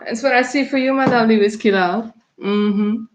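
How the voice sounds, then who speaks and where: A woman from Russia doing live-stream tarot readings, chatty and warm in her words, laughing often and calling viewers darling. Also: on the high side, moderate pace, dull audio. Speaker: tarot reader.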